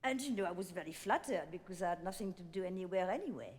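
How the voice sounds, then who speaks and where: An older woman with a French accent, telling a story in a one-woman stage show, theatrical and animated, laughing between lines. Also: fairly low pitch, fast talker, over a noisy crowd. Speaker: cabaret performer. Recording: reverberant theater hall.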